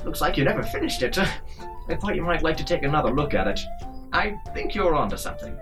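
A man's voice: on the high side, sing-song, brisk, music in the background. A man voicing a cheerful, doting old grandfather writing a letter to his grandchild.

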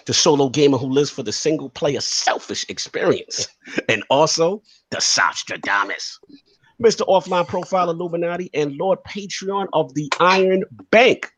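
A man's voice: on the high side, moderate pace, fairly bright tone, husky. A man hosting a casual gaming podcast, introducing guests with playful hype-style nicknames. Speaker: podcast host.

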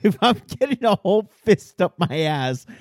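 A man's voice: high-pitched, sing-song, normal speed, dry recording, clean studio sound. A man co-hosting a crude casual chat, swearing constantly and joking as he tells news stories. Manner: profane, joking, storytelling. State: shivering from cold. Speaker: podcast co-host. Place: outdoors in the cold.

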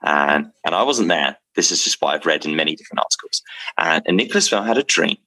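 A man telling a story to camera about his drinks brand, rambling and excitable, with many restarts and fillers. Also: low-pitched, fast talker.

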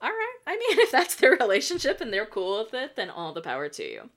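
A woman's voice: medium pitch, huge pitch swings, brisk, fairly bright tone. A woman hosting a podcast and recapping reality TV in casual chat. She talks in a chatty way, laughs often and swears freely. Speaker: podcast host.

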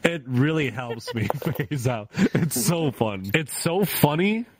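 Laughing, animated man on a podcast. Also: mid-range voice, takes it slowly, a crowd in the background. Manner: laughs often, animated storytelling. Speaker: podcast co-host. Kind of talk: casual chat.

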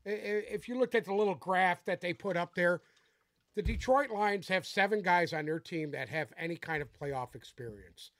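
A high-voiced man rants about football on a casual podcast, swearing freely and getting fired up. He is close on a dry mic with no room sound behind him. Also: normal speed, a bit bright, no echo. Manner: profane, fired-up ranting. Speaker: podcast co-host. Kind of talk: casual sports podcast chat.

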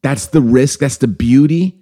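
A man's voice: medium pitch, measured pace. A man hosting a casual podcast, telling a personal story and acting out the dialogue. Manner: storytelling, animated, acts out quoted dialogue. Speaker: podcast host.

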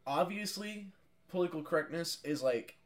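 A man's voice: fairly high pitch, expressive, moderate pace, a loud crowd. A young man co-hosting a podcast, giving matter-of-fact opinions in casual chat. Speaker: podcast co-host.

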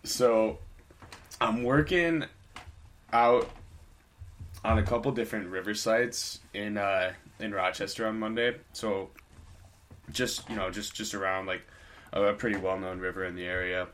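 A man's voice: on the low side, steady tone, a little slow, long pauses, fairly bright tone. A young man on a podcast, casually telling a story in a rambling, laid-back way with lots of fillers.

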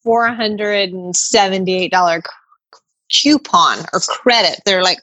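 A woman's voice: medium pitch, slow pace, bright, forceful tone, no echo. A middle-aged woman co-hosting a podcast, ranting in casual chat and swearing a lot. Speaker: podcast co-host.

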